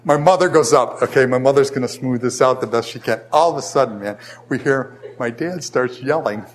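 An older man teaching a casual Bible lesson, asking the class questions and telling stories with animated energy. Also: mid-range voice, a little fast.

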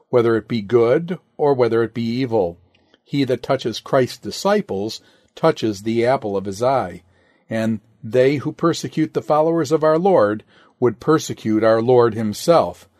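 Slow, deliberate man reading a sermon. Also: mid-range voice, a little mellow, no echo, studio quality. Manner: deliberate, says "quote" and "end quote" aloud, raises voice on quoted scripture. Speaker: sermon reader. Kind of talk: reading a historical sermon aloud.

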